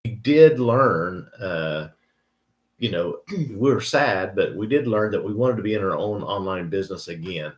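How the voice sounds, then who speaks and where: A man's voice: sits low, expressive, measured pace, echoey room. Older man rambling on a live stream. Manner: rambling with many restarts and fillers. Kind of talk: casual live stream storytelling.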